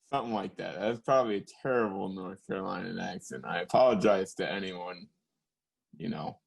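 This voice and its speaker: A man's voice: sits low, normal speed, vocal fry, husky. A young man co-hosting a podcast in casual chat, rambling and profane, laughing often. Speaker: podcast co-host.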